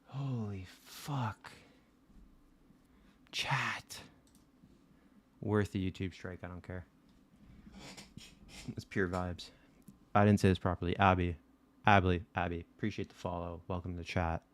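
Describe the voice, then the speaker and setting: A man hosting a live stream, chatting casually and excitedly with his viewers and swearing freely. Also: low-pitched, moderate pace, long pauses, a little hiss or hum. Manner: excitable, swearing, talking straight to chat.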